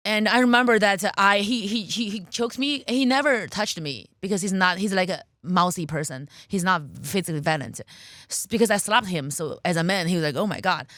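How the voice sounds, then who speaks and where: A woman's voice: mid-range voice, brisk, fairly bright tone, no echo, studio quality. A woman in her thirties from China, with a Chinese accent, telling her life story bluntly as a comedian guest on a podcast. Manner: candid, blunt storytelling with frequent restarts.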